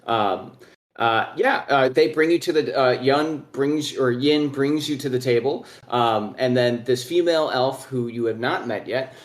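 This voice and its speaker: A man's voice: medium pitch, unhurried, reverberant. A man narrating a tabletop game as game master, rambling through scene descriptions with many fillers.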